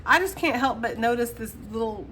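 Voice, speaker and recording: A woman's voice: on the high side, lively intonation, a little fast, pushed and bright, a little hiss or hum. A woman giving a casual tarot reading straight to the viewer, chatty and laughing often. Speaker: tarot reader.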